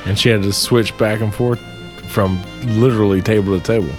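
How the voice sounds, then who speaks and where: A man hosting a podcast in an easygoing casual chat, reading a sponsor plug with a loose, drawn-out delivery. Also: on the low side, steady tone, a little mellow, soft background music. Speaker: podcast host.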